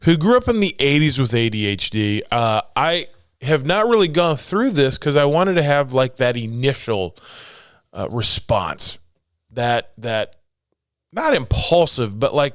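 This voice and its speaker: A man's voice: mid-range voice, very animated, measured pace, clean tone, dry recording, clean studio sound. A man in his forties hosting a casual solo podcast from his home office, jokey and motivational in tone. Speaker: podcast host.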